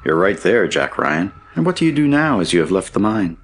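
A man reading an audiobook, voicing a stout, kindly older male mining engineer in a measured, courteous manner. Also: deep voice, sing-song, husky, pitched above the performer's own voice, heavily acted. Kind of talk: audiobook character voice.

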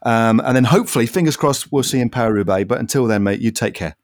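A man hosting a podcast interview in a relaxed, chatty way, laughing often and calling his guest mate. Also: medium pitch, quick pace, no room sound, clean studio sound. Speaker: podcast host. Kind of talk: casual interview chat.

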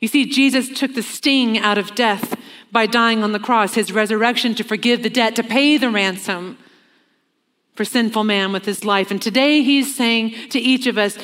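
A woman preaching a sermon in an earnest way, slowing down for emphasis and acting out the lines she quotes. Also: a little high, fairly bright tone. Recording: long reverb of a large hall.

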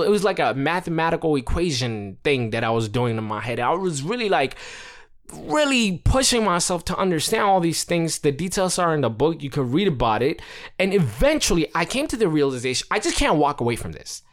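A young man preaches in an earnest, conversational way, full of casual fillers. His pitch swings widely, rising high on key points and sinking low for quiet asides. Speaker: preacher and author. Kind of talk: sermon.

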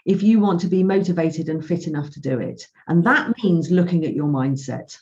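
A woman's voice: on the low side, lively intonation, moderate pace, darkish tone. A woman, a financial coach, telling stories in a podcast chat and acting out both sides of each conversation. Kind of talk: podcast interview. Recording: dull lo-fi sound.

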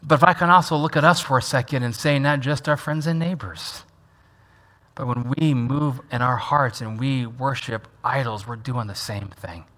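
Emphatic preacher man with a bright voice. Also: medium pitch, normal speed. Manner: emphatic, repeats key lines and has the congregation echo them. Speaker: pastor. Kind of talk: sermon. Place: church sanctuary. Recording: long reverb of a large church hall.

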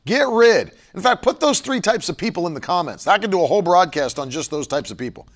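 A man preaching a livestream sermon, emphatic and repeating his key phrases, pausing to read viewer comments aloud. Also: high-pitched, very animated.

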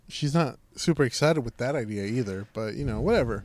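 A young man casually telling a long, profane, animated story, full of "I'm like" and "she's like". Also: fairly high pitch, normal speed. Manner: rambling, profane, animated retelling with lots of "I'm like". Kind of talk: casual chat.

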